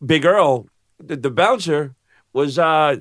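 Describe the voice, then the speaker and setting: A man's voice: on the high side, takes it slowly, a bit bright, no echo, clean studio sound. A man telling a long story in casual chat, swearing freely and acting out the voices of the people in it.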